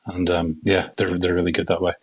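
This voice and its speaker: A man from Belfast with a husky, fairly low voice chats as an actor guest in an interview. He talks in a rapid, animated way, doubling back on his words as he tells stories. The recording is dry and close. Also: no room sound. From Belfast, Northern Ireland. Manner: rapid, animated storyteller with many restarts. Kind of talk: casual interview chat.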